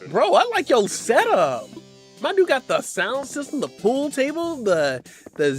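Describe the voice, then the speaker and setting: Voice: medium pitch, very animated, moderate pace, soft background music. A streamer giving casual live-stream gameplay commentary, playful and slangy, often laughing and teasing the chat. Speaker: game streamer.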